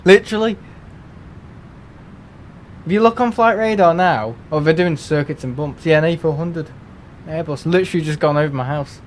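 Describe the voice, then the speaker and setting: A man live-streaming from home, excitable and quick to laugh and exclaim as he chats. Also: on the high side, slight background noise.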